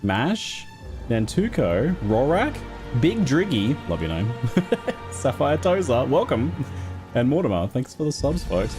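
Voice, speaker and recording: Chatty man with a lively voice. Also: on the low side, moderate pace, music in the background. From Australia. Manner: chatty, laughs often, reads out thank-yous to chat. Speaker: game streamer. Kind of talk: casual live-stream chat.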